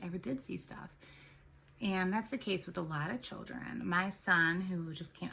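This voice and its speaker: A woman's voice: on the low side, vocal fry, bright, forceful tone, slight background noise. A woman and mother of three telling a personal story to camera in a casual, rambling way, full of ums and restarts. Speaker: tarot and spirituality vlogger.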